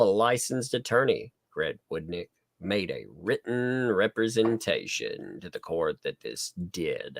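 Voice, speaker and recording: A man's voice: deep voice, creaky, no room sound. A man hosting a casual live talk show, joking and laughing often with his co-host. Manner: laughs often, jokey banter. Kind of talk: casual chat.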